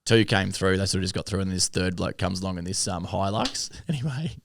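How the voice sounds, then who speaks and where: A man's voice: sits low, animated, brisk, vocal fry, slight background noise. A young Australian man co-hosting a podcast, telling a story in a sweary, laughing, casual way. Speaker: podcast co-host. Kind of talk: casual chat.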